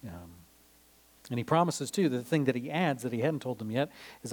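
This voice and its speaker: Man, sermon-style Bible teaching, conversational, frequent filler words, mid-pitched voice. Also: moderate pace, a little mellow. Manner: conversational, many "um" fillers, retells scripture in plain modern words. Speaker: preacher.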